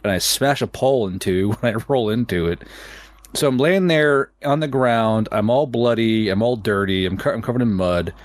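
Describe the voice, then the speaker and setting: A man's voice: fairly low pitch, dry recording. Man, casual storytelling, profane, stammering restarts, dry room.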